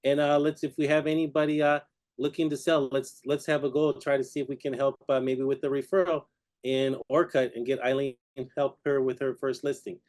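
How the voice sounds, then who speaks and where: A man's voice: medium pitch, flat delivery, fairly quick, a little mellow. A man co-hosting a video-call meeting, upbeat and encouraging as he wraps up. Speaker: meeting co-host. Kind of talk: casual meeting wrap-up.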